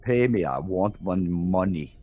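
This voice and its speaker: A man doing an impression of a money-obsessed rock drummer, speaking with a put-on Danish accent in a slow, bitter, scolding way. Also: deep voice, expressive, dark tone, slight background noise, pitched below the performer's own voice. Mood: resentful.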